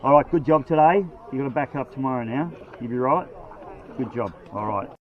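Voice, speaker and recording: A man's voice: medium pitch, expressive, a little fast. A man doing casual, joking trackside interviews with racers. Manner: jokey, laughing, matey. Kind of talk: casual post-race interviews. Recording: slightly dull lo-fi sound.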